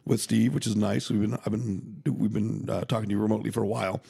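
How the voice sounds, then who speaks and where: A man with a cold, hoarse and joking, hosting a casual podcast from his home studio. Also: fairly low pitch, little pitch movement, quick pace, dark tone. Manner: joking, self-deprecating. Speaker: podcast host.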